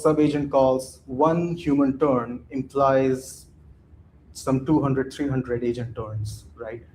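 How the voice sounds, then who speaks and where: A man's voice: medium pitch, warm tone, slight background noise. A man giving a conference talk from slides, speaking loosely and conversationally, often tagging his points with "right?" and restarting his sentences.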